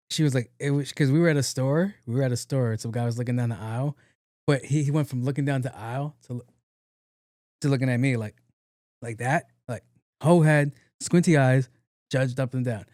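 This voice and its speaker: A man's voice: medium pitch, a little mellow, no echo, clean studio sound. A young adult man hosting his own podcast, telling funny stories in a casual, joking way and acting out both sides of the conversations. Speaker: podcast host. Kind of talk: casual solo podcast monologue.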